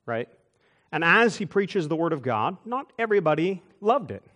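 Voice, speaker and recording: A man preaching a sermon, telling church stories with quick asides and chuckles. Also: on the high side. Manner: animated storytelling with asides and chuckles. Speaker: pastor. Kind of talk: storytelling sermon.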